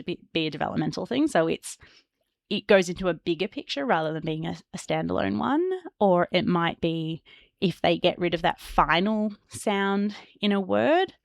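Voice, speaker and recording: A woman hosting an educational podcast, explaining patiently and slowly modeling speech sounds as examples. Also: fairly low pitch, creaky, no room sound, clean studio sound.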